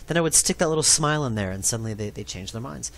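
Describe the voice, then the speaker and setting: A man's voice: medium pitch, expressive, rapid-fire, gravelly. A man giving a rambling, self-deprecating developer commentary for his own game. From New York.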